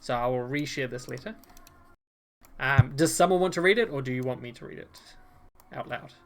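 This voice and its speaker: A man running a tabletop game as game master, narrating with frequent fillers and halting pauses. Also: mid-range voice, slight background noise.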